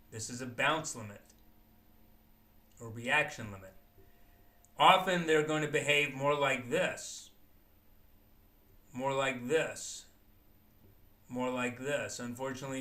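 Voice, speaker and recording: Bright, methodical man explaining trades. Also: a little high. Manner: methodical explaining, thinking aloud. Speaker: trading educator. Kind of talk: live market commentary.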